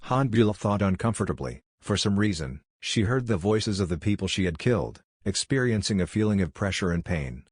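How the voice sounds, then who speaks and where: A man narrating a comic story recap in a steady, even way. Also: fairly low pitch, normal speed, hardly any pauses, slightly rough, dry recording, studio quality.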